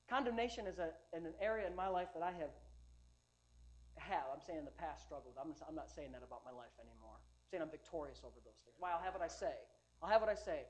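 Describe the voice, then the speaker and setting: Male pastor, sermon, emphatic, loud-to-quiet swings, repeats himself. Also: sits high. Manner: repeats words and restarts mid-sentence.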